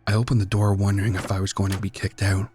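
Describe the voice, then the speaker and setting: A man narrating a first-person horror story in a measured, tense, brooding way. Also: on the low side, flat delivery, darkish tone, soft background music. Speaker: guest narrator.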